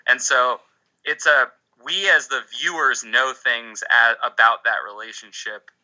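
A man's voice: mid-range voice, steady tone, measured pace, sharp tone, low-quality recording. A man co-hosting a podcast, chatting casually about a TV show with lots of restarts and blunt swearing. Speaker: podcast co-host. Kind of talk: casual chat recapping a TV show.

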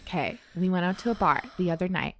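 A woman's voice: fairly low pitch, a bit bright. A young woman co-hosting a podcast, chatting casually in a playful, teasing way. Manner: playful, teasing, quick laughs. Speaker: podcast co-host. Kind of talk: casual chat.

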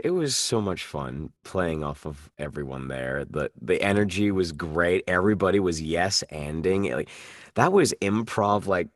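Low-voiced man, reflective voice actor. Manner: reflective, self-deprecating, playful asides. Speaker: voice actor guest. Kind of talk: casual interview chat.

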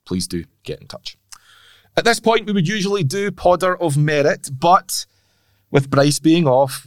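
A man's voice: fairly low pitch, no room sound, clean studio sound. A man co-hosting a podcast in casual chat, chatty and wry, laughing often. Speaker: podcast co-host.

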